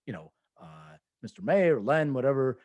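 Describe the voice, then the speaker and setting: A man's voice: medium pitch, very animated, normal speed, a little mellow, dry recording. A man co-hosting a podcast, telling rambling anecdotes in casual chat, acting out quoted voices and laughing often. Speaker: podcast co-host.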